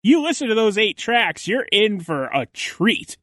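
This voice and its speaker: A man's voice: high voice, big pitch swings, a little slow, fairly bright tone, no echo. Enthusiastic man co-hosting a podcast. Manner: enthusiastic, chatty. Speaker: podcast co-host. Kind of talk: casual chat.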